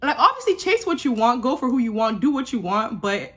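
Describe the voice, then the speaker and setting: A young woman giving a sassy, animated recap of a reality show, with laughing asides. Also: on the high side, normal speed, hardly any pauses. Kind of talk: casual recap commentary.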